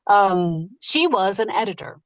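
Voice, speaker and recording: A woman who narrates audiobooks, talking casually and lively in an interview and laughing easily. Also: medium pitch, no room sound. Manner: lively, chatty, quick to laugh.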